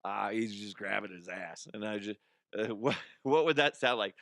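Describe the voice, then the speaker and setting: A man's voice: lowish voice, lively intonation, moderate pace, creaky, a bit bright, no echo. Young guy ranting on his comedy news podcast, swears a lot, cracks himself up, dry close mic. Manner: profane, laughing, mocking put-on voices. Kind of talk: casual comedic rant.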